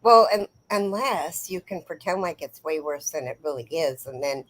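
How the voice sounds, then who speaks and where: A woman's voice: sits low, expressive, normal speed, slight background noise, poor audio. A middle-aged woman hosting a live crochet stream, chatting casually and answering viewers by name in a rambling, friendly way. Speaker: crochet livestream host. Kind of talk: casual live chat reading comments.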